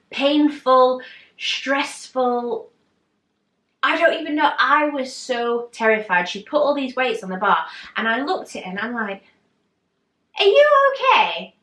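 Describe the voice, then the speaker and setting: A woman telling a story to camera in a casual, animated way, acting out what people said. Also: mid-range voice. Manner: animated, chatty, acts out quotes. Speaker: vlogger. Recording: echoey room, mic at a distance.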